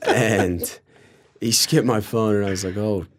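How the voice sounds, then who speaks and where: Young man, very low voice, rambling sarcastic storyteller stuffed with fillers. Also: noisy background. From Colorado. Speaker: guest storyteller. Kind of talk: casual storytelling.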